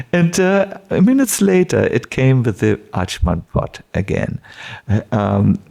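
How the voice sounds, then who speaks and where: A man giving a devotional lecture as a spiritual teacher, telling stories in an unhurried way with frequent chuckles and fillers. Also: medium pitch, creaky, a little mellow.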